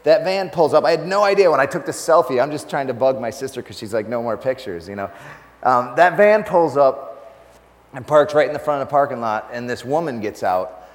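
A man telling a funny story in a sermon, laughing often and speaking with animated energy as a preacher. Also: mid-range voice, a little fast, in a large hall.

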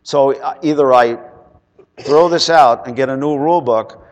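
A man preaching in a large hall, his voice trailing off in a long reverb. He tells his stories with energy, jumping to loud, forceful peaks, then dropping to a hush. His pitch sits in an ordinary middle range. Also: moderate pace. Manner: animated storyteller, loud bursts then quiet drops. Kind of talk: sermon with personal storytelling.

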